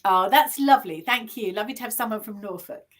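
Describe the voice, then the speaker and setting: A woman from England, a guest author chatting on a video call, friendly and quick to laugh. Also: medium pitch. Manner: chatty, laughs often, restarts. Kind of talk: conversational interview.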